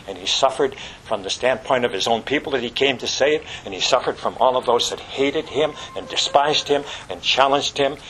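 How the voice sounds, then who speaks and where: Impassioned preacher man with a bright voice. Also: mid-range voice, a little hiss or hum, rough recording. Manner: impassioned, swings from loud exclamations to hushed whispers; repetitive, rhetorical questions to the congregation. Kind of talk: sermon.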